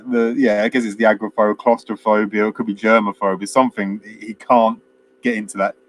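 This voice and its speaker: A man's voice: lowish voice, little pitch movement, quick pace, rough recording. A man co-hosting a film chat, casually retelling a plot in a rambling way with lots of fillers and chuckles. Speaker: film podcast co-host.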